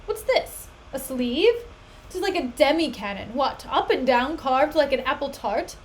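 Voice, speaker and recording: A domineering young man scoffs at what he is shown, voiced by a woman reading aloud. The voice stays high, and the complaints come out overblown and mocking. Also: animated, a little slow, slight background noise, rough recording. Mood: scornful. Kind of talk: dramatic reading of a play.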